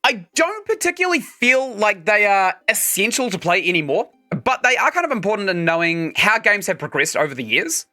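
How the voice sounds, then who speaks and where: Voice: mid-range voice, very animated, fairly quick, hardly any pauses, sharp tone, faint music behind. A game streamer giving casual let's-play commentary, chatting and explaining mechanics while playing.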